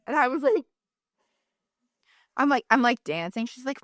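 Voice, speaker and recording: A woman's voice: a little high, a little fast, long pauses, no echo. A woman in her thirties co-hosting a podcast in casual chat, telling stories with acted-out quotes and free swearing. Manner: animated storyteller, swears freely, acts out quotes. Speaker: podcast co-host, mother.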